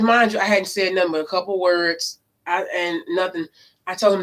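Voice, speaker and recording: A woman who reads tarot cards, telling a story in a casual vlog. She talks emphatically and swears, swinging between loud and low. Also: normal speed. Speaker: tarot card reader.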